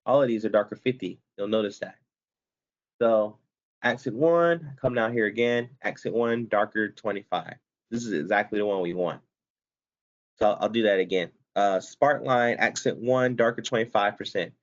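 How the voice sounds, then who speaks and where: A man's voice: lowish voice, highs cut off. A man instructor talking students through a spreadsheet tutorial step by step, casual and self-correcting as he goes. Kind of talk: screen-recorded software tutorial.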